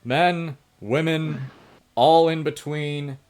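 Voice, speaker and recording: A man's voice: fairly high pitch, steady tone, drawn-out words, a little mellow, voice pushed up. A man voicing a commanding male military leader giving a rousing public speech. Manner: rousing, oratorical.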